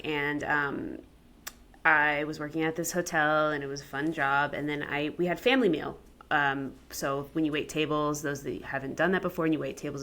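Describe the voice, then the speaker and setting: A woman's voice: lowish voice, sharp tone. A woman co-hosting a podcast, talking in a rambling, casual way with many fillers. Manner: rambling, heavy use of "like". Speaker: podcast co-host. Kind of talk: casual conversation.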